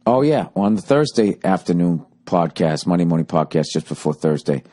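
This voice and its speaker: A man's voice: low-pitched, sing-song, moderate pace, warm tone. A man hosting a solo podcast, half-mocking the ads he reads with profane, sarcastic asides before sliding into a loose rant. His voice sounds worn from nightly shows, and he talks casually and irreverently throughout. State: voice going hoarse from shows. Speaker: podcast host.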